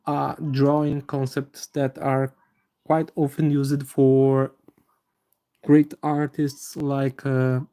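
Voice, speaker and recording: Guy drawing anatomy live, warm mellow voice, lots of restarts. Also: mid-range voice, clear, resonant tone. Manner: halting, many fillers and restarts, friendly to viewers. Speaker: anatomy drawing livestream host. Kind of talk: live drawing tutorial with chat greetings.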